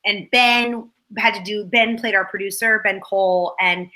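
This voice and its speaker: A woman's voice: medium pitch, fairly even intonation, a little slow, bright, forceful tone, poor audio. An actress, a woman, chatting as a guest and rambling through behind-the-scenes stories. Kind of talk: casual chat.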